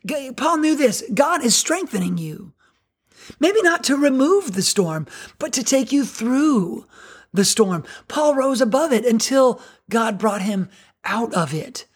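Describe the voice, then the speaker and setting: Husky-voiced woman preaching conversationally. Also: on the high side, a little slow. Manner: conversational, animated, self-deprecating with laughs. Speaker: pastor. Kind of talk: sermon.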